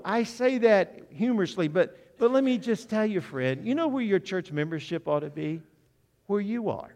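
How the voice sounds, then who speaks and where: A man's voice: high voice, animated, a little slow, darkish tone. A man preaching a sermon, telling a story with humor and appealing directly to his listeners. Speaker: visiting preacher. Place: church sanctuary. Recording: long reverb of a church hall.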